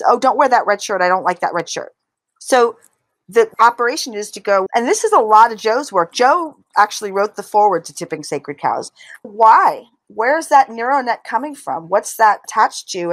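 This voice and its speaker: A middle-aged woman, an interview guest and author, talking in an animated way and acting out inner voices. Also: fairly high pitch, normal speed, no echo. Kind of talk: conversational interview.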